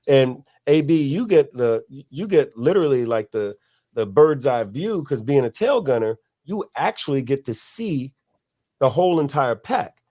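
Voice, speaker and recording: A man's voice: mid-range voice, expressive, moderate pace, dark tone. A man hosting a casual podcast chat, a motorcycle club member telling loose, profane stories about riding in a pack.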